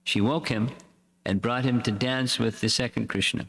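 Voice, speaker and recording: A man reading a devotional story aloud in a slow, measured way, as a swami. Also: medium pitch, fairly even intonation, creaky, fairly bright tone. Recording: echoey hall reverb.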